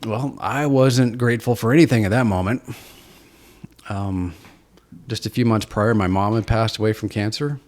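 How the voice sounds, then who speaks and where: A man's voice: fairly low pitch, normal speed, darkish tone. A man from Seattle, a podcast guest, candidly telling his personal story in an earnest, self-deprecating, reflective way. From Seattle, USA.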